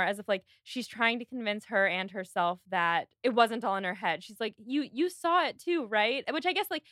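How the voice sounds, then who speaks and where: Woman gushing through a drama recap, bright forward voice, says "like" constantly, dry close mic. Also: mid-range voice, dry recording. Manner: chatty, animated retelling with frequent "like". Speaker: podcast co-host. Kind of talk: casual chat recapping a drama.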